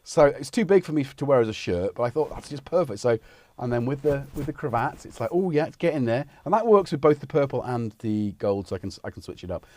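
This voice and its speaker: A middle-aged man hosts a livestream from his home studio, talking fast in a warm, animated, mid-range voice. He rambles chattily in casual conversation and breaks off mid-sentence.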